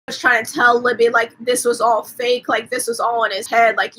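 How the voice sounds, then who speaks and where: This time the same kind of livestream host retells a film in a rambling way, filling pauses with "like" and cursing casually. She sounds fairly high with little pitch movement, her tone pushed and bright with a breathy edge, over poor audio.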